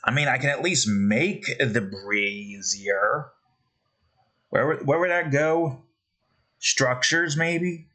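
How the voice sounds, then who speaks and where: A man's voice: medium pitch, lively intonation, slow pace, sharp tone, poor audio. A man, a game developer, thinking aloud as he builds, muttering hesitantly and questioning himself.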